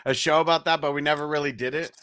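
A man co-hosting a casual chat, asking quick, curious questions. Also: fairly high pitch, fairly even intonation, a bit bright.

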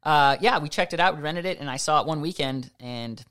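A man in his thirties co-hosting a casual movie podcast, energetic and slangy, cracking jokes. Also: fairly high pitch, fairly quick, clear, resonant tone. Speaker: podcast co-host. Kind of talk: casual chat.

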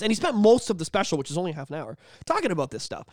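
A man's voice: racing, hardly any pauses, dry recording. A man hosting a podcast in casual chat, swearing freely and acting out quotes. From Canada. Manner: animated, swears a lot, acts out quotes in high voices. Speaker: podcast host.

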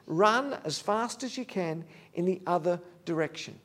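Man, sermon, high voice, earnest, candid, conversational. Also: lively intonation, unhurried, a bit bright. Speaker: preacher.

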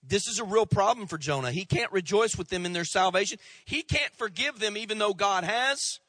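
A man preaching a sermon as pastor, swinging between loud rising outbursts and hushed drops. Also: sits high, lively intonation, fairly quick, no echo.

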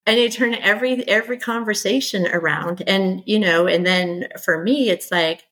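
A middle-aged woman, a podcast guest, telling her story in candid conversation and acting out exasperated quotes in lively bursts. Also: mid-range voice, normal speed, few pauses, low-quality recording. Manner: animated, exasperated, quoting others in lively bursts.

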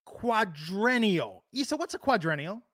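A high-pitched man co-hosts a casual chat. He riffs with a joking, sarcastic edge. His voice sounds dry and close, with no room around it. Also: lively intonation, moderate pace, fairly bright tone, no room sound, soft background music. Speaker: podcast co-host.

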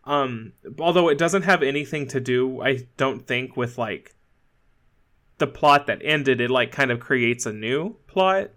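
A chatty man co-hosting a podcast, his voice bright and forward. He talks loosely, full of fillers and restarts, and laughs easily as he goes. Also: mid-range voice, measured pace. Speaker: podcast co-host. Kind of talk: casual chat.

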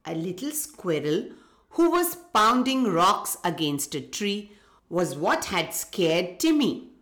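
Slow, lively woman reading a children's story. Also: on the low side. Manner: gentle, addresses children directly. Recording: echoey room.

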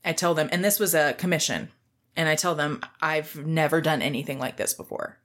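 A woman co-hosting a podcast in casual chat, telling an animated story and acting out the quoted lines in a raised voice. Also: sits low, a little fast. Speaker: podcast co-host.

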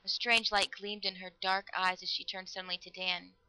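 A woman reading a story aloud in an expressive narrating manner, recorded close. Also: mid-range voice, normal speed, dry recording, poor audio. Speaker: audiobook narrator. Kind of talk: scripted narration.

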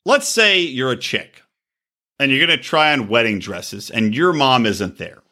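A man's voice: medium pitch, measured pace. A middle-aged man co-hosting a podcast, recapping reality TV in profane, jokey casual chat. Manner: animated, profane, jokey, puts on silly voices. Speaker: podcast co-host.

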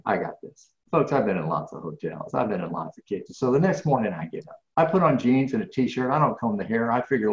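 A man who is a professional speaker, telling a lively story in a podcast interview and acting out the dialogue. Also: mid-range voice. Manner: animated, acts out dialogue. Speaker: guest speaker. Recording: roomy, dull lo-fi sound.

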